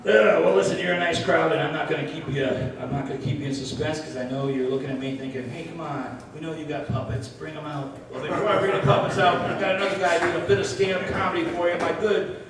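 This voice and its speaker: A man's voice: on the high side, fast talker, few pauses, a crowd in the background. A man telling a chatty anecdote on a comedy stage before introducing the next act. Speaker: puppeteer and comedy show emcee. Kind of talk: stand-up storytelling. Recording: distant mic in an echoey room with noise.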